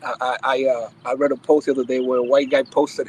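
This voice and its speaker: A middle-aged man from the Bronx, a baseball academy owner, speaking as a podcast guest in an emphatic, animated way and laughing often. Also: medium pitch, fast talker, slight background noise, low-quality recording. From Bronx, New York. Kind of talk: casual podcast interview.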